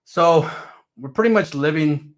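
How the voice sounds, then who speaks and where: A man's voice: on the high side, a little slow. A man casually telling a personal story, swearing freely and laughing often. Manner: profane, animated, laughs often.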